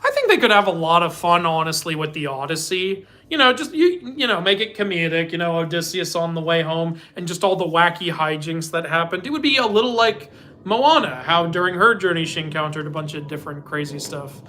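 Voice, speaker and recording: Bright-voiced chatty man hosting a stream. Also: a little high, lively intonation, a little fast. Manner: chatty and rambling, laughs often. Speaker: host. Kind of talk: casual live-stream Q&A chat.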